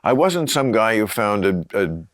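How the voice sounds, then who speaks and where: A man's voice: on the low side, sing-song, normal speed, dry recording, clean studio sound. A man in his sixties hosting a chat podcast, talking casually and teasing his guest in a wry way. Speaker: podcast host.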